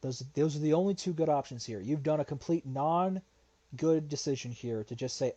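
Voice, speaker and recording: A man's voice: a little high, moderate pace, warm tone, highs cut off. A man giving reaction commentary in an argumentative, lecturing way, his voice getting worn. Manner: argumentative, lecturing, repeats "all right?". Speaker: commentary youtuber.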